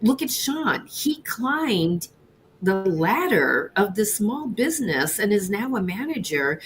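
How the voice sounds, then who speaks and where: A woman's voice: medium pitch, sing-song, slow pace, slight background noise, voice pushed up. A woman voicing her grown daughter in a phone call as she retells it, firm and encouraging. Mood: insistent. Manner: insistent, cheerleading.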